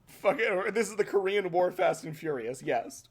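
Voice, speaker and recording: Profane, animated male podcast storyteller. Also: high voice, normal speed. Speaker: podcast host.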